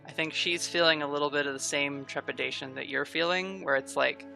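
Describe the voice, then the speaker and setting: Gravelly, bright-voiced game master. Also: female voice, sits low, faint music behind. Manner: relaxed, chatty narration with quick voiced asides. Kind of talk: narrating a tabletop game.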